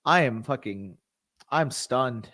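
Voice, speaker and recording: A man's voice: mid-range voice, lively intonation, slow, bright, forceful tone. A young man hosting a casual live stream, reacting to events and talking to his chat. He swears freely and gets worked up. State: tired, hiccuping.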